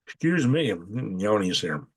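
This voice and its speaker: A man's voice: lowish voice, sing-song, normal speed, husky. A man hosting a casual live stream, rambling in a folksy way and thinking aloud as he clicks through maps at home at night. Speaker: channel host.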